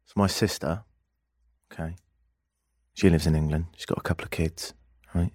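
A man hosting a radio talk show, telling a story in a casual, animated way and acting out the people in it. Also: low-pitched, normal speed, dry recording, studio quality. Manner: animated storyteller, acts out quoted voices. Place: radio studio.

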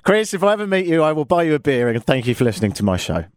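A man's voice: on the high side, sing-song, very fast, no echo, clean studio sound. Sarcastic, theatrical male radio host. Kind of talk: comedic radio talk. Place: Toronto, Canada.

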